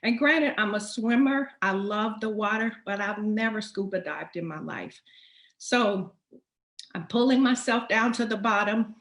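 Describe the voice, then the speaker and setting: A woman hosting a talk, telling a personal story in an animated, emphatic way. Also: medium pitch. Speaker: host. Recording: roomy echo.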